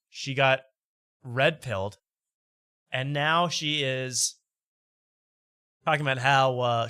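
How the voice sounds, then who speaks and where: Bright-voiced man hosting a comedy talk show. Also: fairly high pitch, no room sound, clean studio sound. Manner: rambling, mocking, halting with fillers. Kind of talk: comedic late-night talk show banter.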